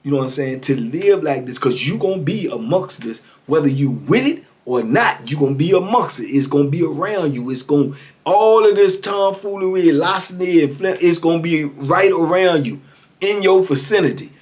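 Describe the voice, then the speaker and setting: A man in his fifties recounts life behind prison walls in a loose, unscripted monologue, his voice leaping high and dropping low as he acts out the people he describes. He laughs between lines and leans on "man" and "you know what I'm saying" constantly. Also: moderate pace. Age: 50s. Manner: animated, laughs often, says "man" constantly. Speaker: former prisoner storyteller. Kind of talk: casual storytelling monologue.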